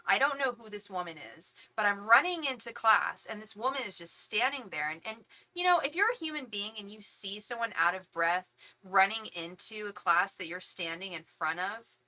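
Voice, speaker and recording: Bright-voiced woman venting in casual chat. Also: mid-range voice. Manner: animated, venting, quotes people, swears. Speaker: tarot reader hosting a live stream.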